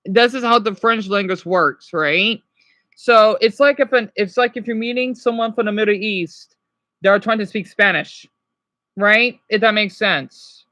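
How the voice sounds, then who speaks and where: A man's voice: high voice, a little slow, bright, forceful tone, no room sound. A man casually teaching French words on a livestream, rambling and correcting himself while answering chat.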